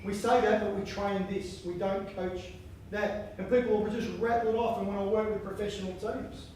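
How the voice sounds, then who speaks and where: A man giving a lively conference keynote on coaching, chanting lines and acting out inner voices. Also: sits high, moderate pace, slight background noise. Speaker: keynote speaker. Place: large conference hall. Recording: echoey hall from far off.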